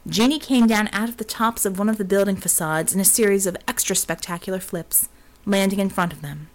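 A woman narrating an audiobook in a steady, expressive reading voice. Her pitch sits in the middle of the usual range. The delivery is scripted and even. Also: brisk.

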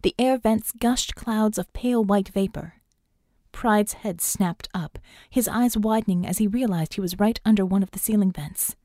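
A woman's voice: mid-range voice, normal speed, warm tone, no room sound, clean studio sound. Woman narrating an audiobook. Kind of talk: scripted narration.

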